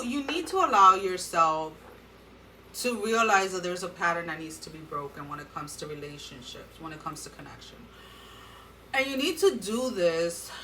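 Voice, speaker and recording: Woman doing a tarot reading, bright sharp voice, kinda far from the mic, talks right at you. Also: medium pitch, slight background noise. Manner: earnest, addresses viewers directly with advice. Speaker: tarot reader. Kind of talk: tarot card reading to viewers.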